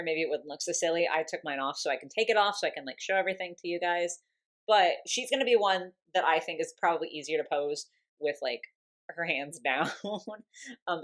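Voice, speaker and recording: A woman with a fairly low-pitched voice reviews collectible dolls in a casual unboxing chat. She gushes with enthusiasm and giggles often. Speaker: doll collector vlogger.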